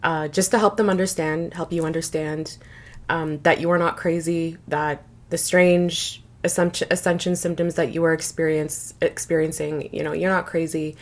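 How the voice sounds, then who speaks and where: Earnest young woman vlogging, lowish voice. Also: level tone, normal speed. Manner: earnest, rambling, frequent "like" fillers. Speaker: spiritual vlogger. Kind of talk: casual personal vlog.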